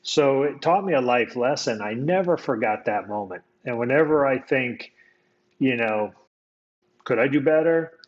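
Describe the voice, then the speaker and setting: An American man, appearing as a guest, shares a personal story in a relaxed, casual, reflective way, frequently restarting his sentences. His voice is medium in pitch and a little slow, and the audio sounds dull.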